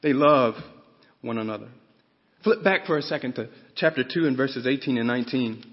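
A man's voice: medium pitch, moderate pace. Fervent man preaching in a reverberant sanctuary. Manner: rising to fervent emphasis. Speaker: pastor. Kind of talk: sermon. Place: church sanctuary. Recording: dull sound with long reverb.

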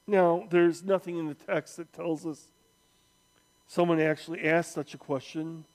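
Slow, high-voiced man preaching. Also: a little mellow. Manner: slow, emphatic, with dramatic pauses and quoted voices. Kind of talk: sermon.

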